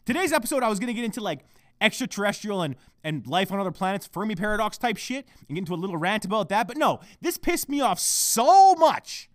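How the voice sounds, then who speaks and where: A man's voice: high voice, a bit bright, no echo, clean studio sound. Profane, ranting man hosting a podcast. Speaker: podcast host. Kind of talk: solo podcast rant. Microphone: microphone at a laptop.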